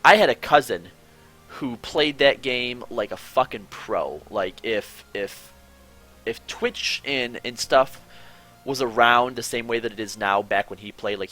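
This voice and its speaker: A man hosting a casual online show, chatting and telling stories with frequent restarts and swearing. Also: lowish voice. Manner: animated, swearing, rambling with restarts. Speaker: podcast host. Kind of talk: casual chat on a call.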